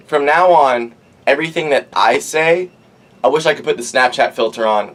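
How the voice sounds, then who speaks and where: A young man talks through a story outdoors in an animated, meandering way. He keeps dropping "like" and curse words and acts out what others said. His voice sits at an ordinary middle pitch. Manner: rambling, profane, animated, lots of "like". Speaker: podcast host. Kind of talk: casual storytelling monologue.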